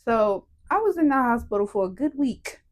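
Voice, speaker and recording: A woman's voice: fairly high pitch, normal speed, a little hiss or hum. A woman giving a personal testimony on a podcast, telling it vividly, acting out the voices of others and laughing through painful memories. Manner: animated, emotional storytelling that acts out quoted voices. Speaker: guest telling her testimony.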